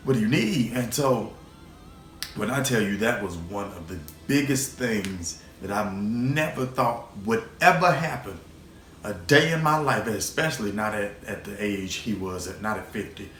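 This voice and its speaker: With a fairly low, expressive voice and a fairly bright tone, a male vlog host talks at a moderate pace through a rambling, emotional personal story. He repeats words and swears now and then, and the audio carries a roomy echo plus faint background noise.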